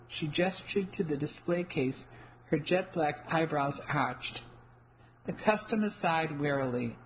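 A woman reading a first-person mystery novel aloud in an even, descriptive storytelling manner. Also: low-pitched, unhurried, a little hiss or hum, poor audio. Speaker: audiobook narrator.

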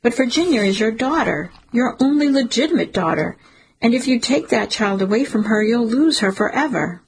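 A woman's voice: a little high, animated, moderate pace, slight background noise, voice pushed up, poor audio. A woman voicing a fierce, defiant older woman who protects a young mother, speaking urgently and sharply. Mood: outraged.

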